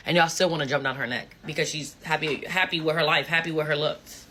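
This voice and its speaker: A woman's voice: low voice, fairly even intonation, fast, few pauses, pushed and bright. A woman giving a blunt, emphatic casual commentary rant, hammering points home by repeating phrases. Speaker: social media commentator.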